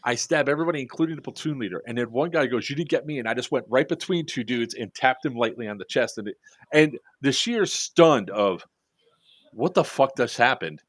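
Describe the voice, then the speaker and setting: A man telling a long story in casual podcast chat, acting out the quotes with lively voices and freely swearing. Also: medium pitch, fairly quick, no room sound. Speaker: airsoft podcast speaker.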